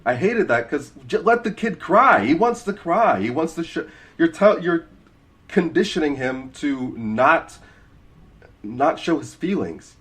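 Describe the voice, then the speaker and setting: A young man co-hosting a podcast, talking earnestly in casual chat with halting restarts. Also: on the high side, big pitch swings, fairly bright tone. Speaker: podcast co-host.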